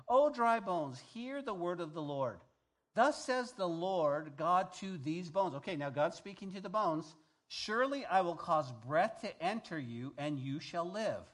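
Animated preacher man, loud then hushed. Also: on the high side. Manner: animated preaching, swings between loud emphasis and quiet, hushed asides; talks straight to the congregation, asking if they follow. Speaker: pastor. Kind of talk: sermon.

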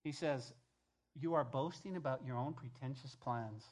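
Preaching with emphasis, this male pastor keeps returning to key phrases while his delivery moves from loud to hushed. He talks at a normal speed in a medium pitch.

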